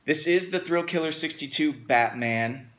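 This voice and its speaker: A man's voice: a little high, normal speed, fairly bright tone. A man hosting a casual unboxing video, talking with upbeat enthusiasm. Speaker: host.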